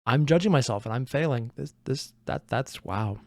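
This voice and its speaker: A host offers casual reaction commentary on an audio drama, chatty and often poking fun at themselves, with lots of "likes" and asides. The voice is mid-range and animated, at normal speed, with a darkish tone.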